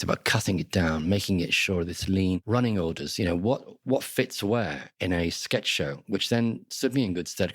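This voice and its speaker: An older man with a softened Liverpool accent, telling wry, lively anecdotes as an interview guest. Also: low-pitched, slightly rough, dry recording, clean studio sound. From Liverpool, England. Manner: lively storyteller, wry, animated asides. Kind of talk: conversational anecdotes.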